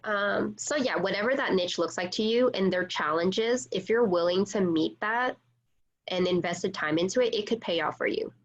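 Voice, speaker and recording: A chatty woman, a real estate agent, talks casually on a video call, scattering fillers as she goes. Her voice sits at an ordinary middle pitch. The call audio is dull and lo-fi. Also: normal speed. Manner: chatty, many fillers like "like" and "you know".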